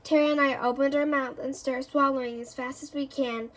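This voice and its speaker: A woman reading a children's book aloud for a reading club, in a lively, expressive way. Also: sits high, brisk. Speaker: reader.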